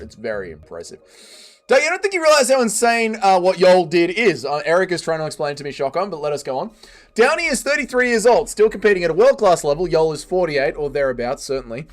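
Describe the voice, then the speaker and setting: A man's voice: a little high, very animated, brisk. A man hosting a casual livestream, reading chat aloud, swearing often and laughing readily.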